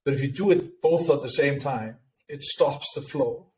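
A man co-hosting a podcast, explaining ideas in a measured, conversational way. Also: medium pitch, darkish tone, poor audio. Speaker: podcast co-host. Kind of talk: casual conversation. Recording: faint background noise and clicks.

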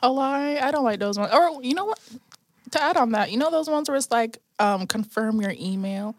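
A young woman co-host with a high voice that leaps up and down as she rants with dramatic emphasis. She is recorded dry and close, in a casual chat. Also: expressive, moderate pace, dry recording. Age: young adult. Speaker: podcast co-host.

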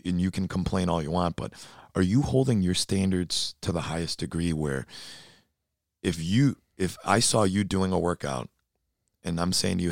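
A man co-hosting a casual fitness chat, blunt and animated, who gets fired up while he talks. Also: low voice, vocal fry, dry recording, clean studio sound.

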